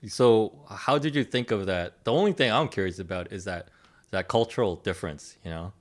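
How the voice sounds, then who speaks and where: A man's voice: lowish voice, brisk. A man hosting a podcast in casual chat, joking and laughing often. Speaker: podcast host.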